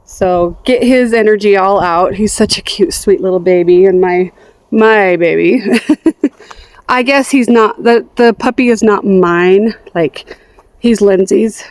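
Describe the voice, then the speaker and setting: A woman's voice: medium pitch, slow, darkish tone, no room sound. A middle-aged woman chatting casually as she walks through her garden, talking to her dogs and plants, her voice going in and out. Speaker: gardening vlogger. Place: outdoors in a backyard garden.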